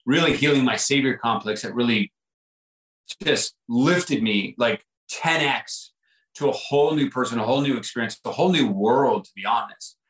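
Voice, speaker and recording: A man's voice: medium pitch, normal speed, a bit bright, echoey room, poor audio. A man guest on a podcast, telling a personal story in an earnest, reflective way, often repeating himself and saying "like" and "right?".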